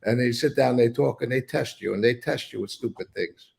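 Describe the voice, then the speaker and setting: A man's voice: mid-range voice, fairly quick, creaky, a little mellow. An older man telling blunt, rambling stories in a casual interview, swearing freely. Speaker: interview guest.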